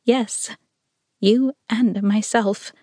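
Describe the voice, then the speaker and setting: A woman's voice: mid-range voice, steady tone, extremely slow, mellow, dry recording, clean studio sound. A woman reading aloud voices a tender, passionate young woman who speaks in a pleading, quivering way, in a raised voice. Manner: pleading, tremulous.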